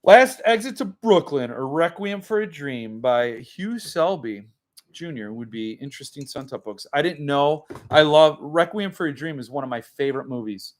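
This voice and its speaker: High-voiced man rambling on a livestream. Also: expressive, moderate pace. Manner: rambling, reads chat comments aloud. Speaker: book channel host. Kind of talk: casual livestream chat. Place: home room.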